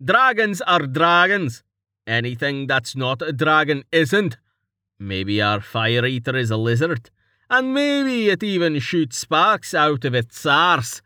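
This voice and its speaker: A gruff, pedantic old adventurer, as a male narrator puts him on, scolding the others in a slow, deliberate way. The voice is dry and close, with no room around it. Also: on the high side, sing-song, sharp tone, no room sound, pitched above the performer's own voice, heavily acted. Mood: lecturing.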